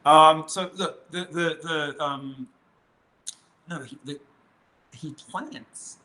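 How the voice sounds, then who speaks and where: Some slight background noise accompanies this interview guest, whose voice is a little high, steady, pushed and bright, with drawn-out words. He's rambling in a casual chat, full of restarts and fillers, and he comes across as mocking and provocative.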